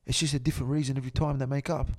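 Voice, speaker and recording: A man's voice: mid-range voice, level tone, very fast, a little mellow. A man telling stories in a casual podcast chat, blunt, emphatic and swearing a lot. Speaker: podcast guest.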